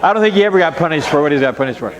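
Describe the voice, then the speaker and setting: Older pastor with a wry laugh, echoing hall. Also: male voice, fairly high pitch, expressive, rapid-fire, highs cut off, crowd noise. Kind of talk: storytelling sermon.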